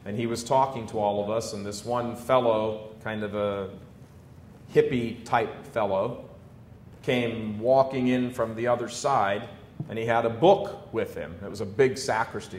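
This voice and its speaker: An American man in his fifties gives an emphatic preaching talk to a live audience. He swings between loud declarations and quiet storytelling. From United States. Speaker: Catholic speaker addressing an audience. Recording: echoey room, faint low rumble.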